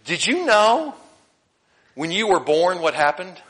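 Male preacher, high voice, bright tone, animated, lots of questions to the room. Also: measured pace. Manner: animated, conversational, asks the room questions, laughs often. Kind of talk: sermon.

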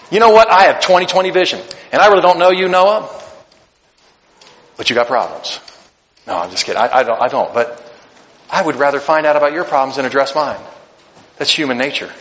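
A man with a high voice preaches to his congregation, animated and joking, slipping into little acted-out voices. His words ring with a long reverb through the church hall. He moves between light humor and earnest exhortation. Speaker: pastor. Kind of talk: sermon.

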